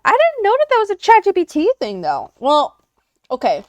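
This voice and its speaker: A young woman streams casually, her voice sitting high and bright in her range. She rambles in an animated, profane way, and the sound is dry and close with no room around it. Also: moderate pace, no room sound. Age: young adult. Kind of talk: casual reaction chat.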